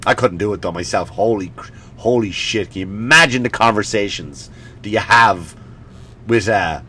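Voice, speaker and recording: With a fairly low, breathy-edged voice at normal speed, a forties-aged man rants on his comedy podcast. He's animated and profane, slips into mocking impressions, and is a little sniffly.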